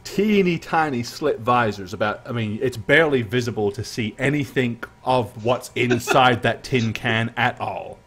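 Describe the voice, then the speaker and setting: A man running a tabletop game as game master, narrating scenes in a relaxed way and laughing often. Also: medium pitch, normal speed, few pauses. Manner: relaxed, laughing often, thanks stream followers.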